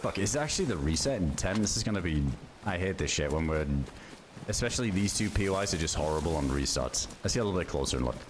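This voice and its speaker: A man with a low, deep voice talks loosely through a survival game livestream, reacting to viewers and cursing offhand. There is a steady hiss of background noise under his voice. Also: fast talker. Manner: relaxed, chatty, swears casually, reacts to chat. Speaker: game streamer. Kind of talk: casual livestream commentary.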